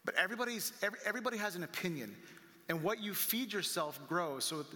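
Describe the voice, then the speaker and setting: A man preaching a conversational sermon with a bright, forceful voice that sits a little high. He acts out other people's remarks and gets higher and louder when animated. The sound carries a long reverb from a big hall. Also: fast talker. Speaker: pastor. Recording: long reverb from a large room.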